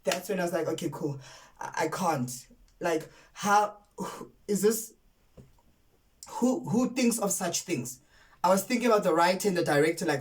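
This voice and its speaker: Low-voiced woman reviewing a series. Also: a little mellow, far from the mic, rough recording. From South Africa. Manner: emphatic, repeats words for effect; outraged and candid. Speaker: TV series reviewer, content creator. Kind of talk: casual spoken review to camera.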